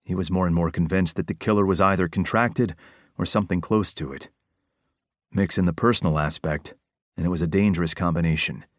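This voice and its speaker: A man narrating a crime novel audiobook in a steady, even reading. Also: low voice, fairly quick, no echo, studio quality.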